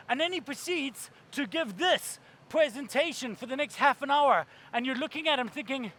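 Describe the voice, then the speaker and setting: A man's voice: very high-pitched, expressive, moderate pace, hardly any pauses, pushed and bright, a little hiss or hum. A man giving a keynote talk on stage, brash and profane, acting out voices for comic effect. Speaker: keynote speaker.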